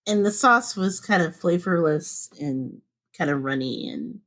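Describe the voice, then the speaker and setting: A woman co-hosting a podcast from home, chatting casually and laughing often. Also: unhurried. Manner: chatty and laughs often, with lively swings up in pitch. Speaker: podcast co-host.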